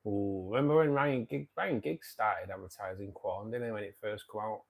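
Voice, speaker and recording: British male stream host, low and gravelly, easygoing banter with viewers. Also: moderate pace. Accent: British English. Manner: chatty and matey, swears casually, chuckles often. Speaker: live-stream host reading viewer comments. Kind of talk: casual live-stream chat.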